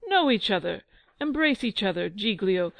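A woman's voice: medium pitch, sing-song, moderate pace, creaky, dry recording. A woman voicing a fussy, impatient old king in a storybook, flustered and formal.

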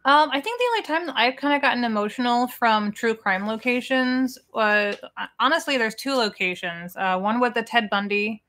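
A woman's voice: on the high side, moderate pace, few pauses, fairly bright tone. A woman co-hosting a casual livestream, talking in a chatty, rambling way with many fillers. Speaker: co-host of a livestream watch party.

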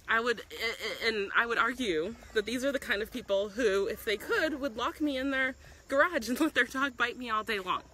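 Her voice a little high and sharp-toned at a normal pace, a South African woman speaks with earnest passion on an outdoor live stream in a public place, often umming and starting over. The audio is poor, with slight background noise.

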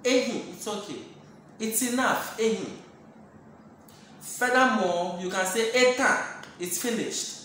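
Slow, patient teacher. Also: medium pitch, fairly bright tone. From Ghana. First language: Dangme. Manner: repeats each phrase slowly, explains patiently. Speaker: language teacher. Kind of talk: online language lesson. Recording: very echoey room, faint hiss.

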